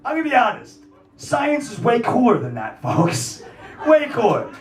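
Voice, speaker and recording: A man's voice: very high voice, wildly swooping pitch, moderate pace, far from the mic. A man hosting a live music night, ranting profanely with rambling filler-heavy talk, then introducing the next act, in a small cafe venue. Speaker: festival host and MC. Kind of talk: stand-up rant and act introduction. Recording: roomy live room, mic from afar.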